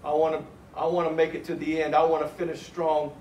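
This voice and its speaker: A man preaching a sermon as pastor, earnestly reciting hymn verses slowly and urging his congregation on. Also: on the high side, little pitch movement, a little mellow, a little hiss or hum. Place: church sanctuary. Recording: echoey church room from a distant mic.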